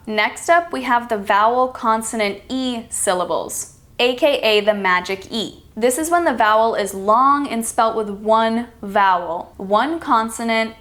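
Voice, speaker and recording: A woman teaching an online pronunciation lesson, reading example sentences slowly and deliberately. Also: a little high, fairly bright tone. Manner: clear, instructive teacher's delivery. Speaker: accent coach.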